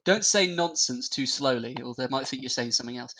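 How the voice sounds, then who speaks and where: A man's voice: medium pitch, fairly quick, bright, forceful tone, poor audio. A man from England, a stream co-host, teasing and sarcastic in casual banter.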